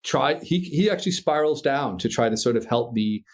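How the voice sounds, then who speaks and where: Animated storytelling man from Minnesota. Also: medium pitch, normal speed. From Minnesota, USA. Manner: animated, swears freely, laughs through tense moments. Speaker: podcast guest, paraglider pilot. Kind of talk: casual interview storytelling.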